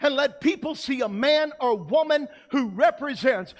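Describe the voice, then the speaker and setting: High-voiced preacher, shouting then hushed. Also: male voice, expressive, moderate pace. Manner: impassioned, swings from shouting to hushed. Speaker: pastor. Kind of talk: sermon.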